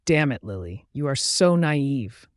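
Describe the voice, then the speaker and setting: A man's voice: medium pitch, big pitch swings, measured pace, no room sound, studio quality. A man reading a stern, commanding werewolf alpha. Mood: tender.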